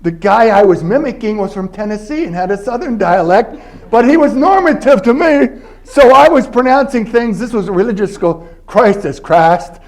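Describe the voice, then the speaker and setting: A man's voice: extremely high pitch, animated, normal speed, darkish tone. Older man giving a chatty lecture. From Philadelphia. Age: 80s. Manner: conversational storytelling, frequent "all right?" check-ins. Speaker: guest lecturer, linguist. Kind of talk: university lecture. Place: university library event space.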